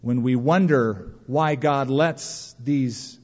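Animated male preacher in a reverberant hall. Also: mid-range voice, slow. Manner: animated, acts out imagined complaints in a raised voice. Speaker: pastor. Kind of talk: sermon. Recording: dull lo-fi sound with long reverb of a large hall.

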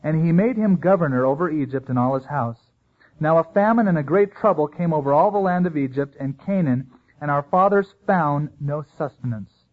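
Male pastor, sermon delivery, slightly high husky voice, narrow tinny sound. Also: normal speed. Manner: animated preaching, acting out quoted voices.

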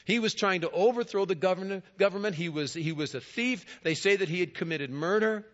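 A man, a guest speaker in a church, giving a first-person dramatic monologue in a storytelling manner, swelling loud and then dropping quiet. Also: sits high, fairly quick. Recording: dull lo-fi recording.

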